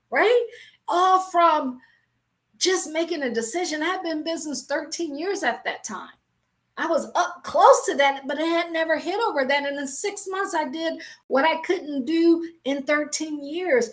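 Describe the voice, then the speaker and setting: A woman's voice: high voice, fairly bright tone. A woman giving an emphatic, repetitive motivational talk on business and faith, addressing her listeners directly. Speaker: business coach and Christian speaker.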